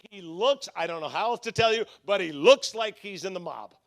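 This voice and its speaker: A male pastor preaching a conference sermon, telling a story with lively, animated delivery and acted-out voices. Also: high-pitched, brisk.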